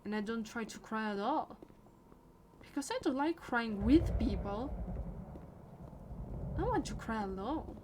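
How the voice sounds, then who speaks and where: A woman talking through a game in soft, earnest, confessional commentary, sometimes dropping to a whisper. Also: on the high side, animated, measured pace, pauses often, background noise. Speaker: gameplay streamer. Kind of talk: reflective gameplay commentary. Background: loud game music.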